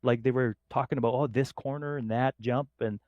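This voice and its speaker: A man's voice: mid-range voice, brisk, no room sound, highs cut off. A middle-aged man from northern Canada, a podcast guest telling stories casually and acting out the voices of people in them. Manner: lively, acts out quoted voices in his anecdotes. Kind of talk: casual storytelling.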